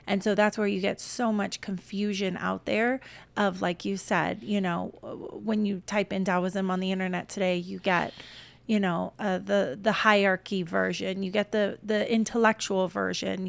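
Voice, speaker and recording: A woman co-hosting a spiritual podcast, talking earnestly with halting phrasing and many fillers. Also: medium pitch, creaky. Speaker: podcast co-host. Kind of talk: casual spiritual podcast talk.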